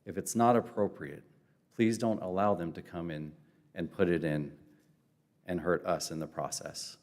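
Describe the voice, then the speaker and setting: A man's voice: sits low, fairly even intonation, normal speed, a little mellow, in a large hall. A man making an earnest public comment at a council meeting.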